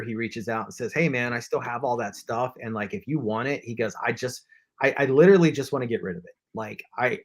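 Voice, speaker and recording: A man's voice: medium pitch, a bit bright. A man on a collectors' live stream telling a long story in casual chat, acting out quotes and padding with fillers. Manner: rambling anecdote with acted-out quotes, many fillers.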